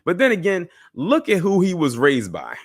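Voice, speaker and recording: A man's voice: high voice, normal speed. A young man hosting a casual news commentary show, talking straight to his viewers with scoffing asides. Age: young adult. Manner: animated, talks to viewers directly, scoffing asides.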